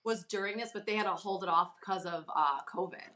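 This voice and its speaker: Bright-voiced woman telling her story. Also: mid-range voice, a little fast. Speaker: podcast guest. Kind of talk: casual chat.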